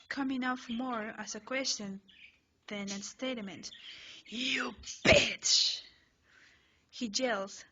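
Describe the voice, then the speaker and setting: A woman's voice: fairly high pitch, fairly bright tone. A woman narrating a second-person fanfiction story, reading plainly with small stumbles. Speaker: fanfiction reader. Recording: slightly muffled home recording with faint hiss.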